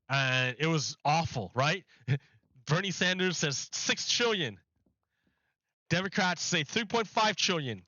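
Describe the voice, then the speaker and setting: A man's voice: a little high, lively intonation, slow pace, bright, forceful tone, dry recording, lo-fi sound. A man streaming live, rambling through a mocking rant in casual chat and laughing often.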